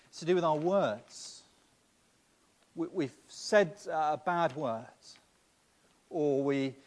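Male pastor, somewhat high-pitched, preaching in a church with long reverb, stop-start repetitions. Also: a little mellow. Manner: repeats words at the start of phrases; speaks directly to the children. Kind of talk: sermon.

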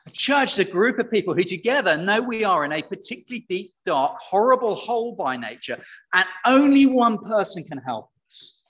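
Bright, lively preacher man. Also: high voice, lo-fi sound, a little hiss or hum. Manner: playful, interactive, animated. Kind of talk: all-age sermon with children.

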